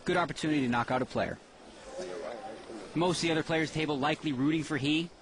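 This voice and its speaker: A man with a fairly high voice gives analytical poker commentary, explaining why each player acts as he does. Steady background noise sits under his voice. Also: quick pace.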